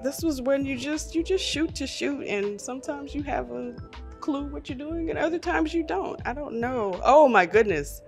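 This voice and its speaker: A middle-aged woman chatting casually on her vlog, animated and self-mocking, laughing often. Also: high-pitched, normal speed, gravelly, faint music behind. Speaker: vlogger. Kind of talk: casual chat reviewing old photos.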